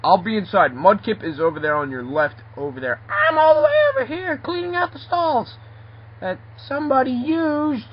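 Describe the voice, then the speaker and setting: Lively man narrating with toys. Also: very high-pitched, moderate pace, highs cut off. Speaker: home video maker voicing toys. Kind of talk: playful toy narration.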